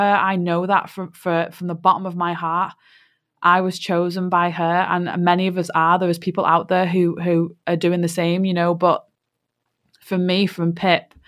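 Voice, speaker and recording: Woman podcast host, lowish pitch, heartfelt storytelling monologue. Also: a bit bright. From England. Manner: heartfelt, many "you know" fillers.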